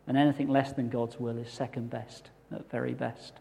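A man preaching a sermon as a pastor, earnest and measured with touches of light humour. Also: medium pitch, flat delivery, vocal fry, mellow. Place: church hall. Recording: long hall reverb.

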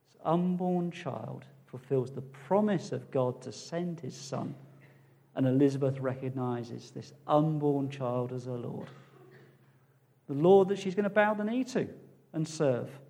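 A man delivers a sermon in a slightly raised voice. He repeats key phrases and swells into loud, emphatic declarations. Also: fairly high pitch, measured pace, vocal fry. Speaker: preacher.

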